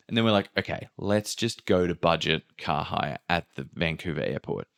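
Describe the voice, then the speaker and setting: A man telling a travel story in casual podcast chat, swearing freely and acting out quotes with sudden pitch jumps. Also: animated, a little fast, creaky, hardly any pauses, fairly bright tone.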